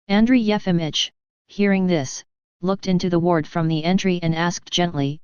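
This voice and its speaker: A woman narrating an audiobook in a measured, even storytelling manner. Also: on the low side, clean tone, no echo. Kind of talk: scripted narration. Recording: dull dry studio audio.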